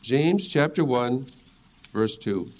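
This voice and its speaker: A man's voice: medium pitch, expressive, slow. A middle-aged man teaching a sermon as a pastor, earnest and reassuring as he reads scripture aloud.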